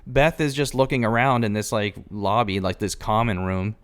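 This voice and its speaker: A man's voice: fairly low pitch, moderate pace, smooth. A man co-hosting a podcast, chatting about a movie and adding trivia and asides. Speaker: podcast co-host. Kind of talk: casual movie recap chat.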